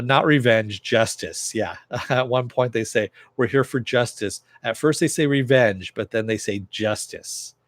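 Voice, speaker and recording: A man's voice: lowish voice, no room sound. A man casually recapping a TV episode, rambling with lots of fillers and restarts, quoting characters in a slightly raised voice. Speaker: TV episode reviewer.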